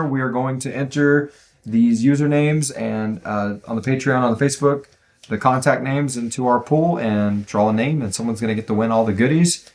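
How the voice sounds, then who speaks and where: A man's voice: mid-range voice, moderate pace. A man hosting a podcast in a casual chat, reading listener reviews aloud in a rambling, laid-back way and often stumbling over words.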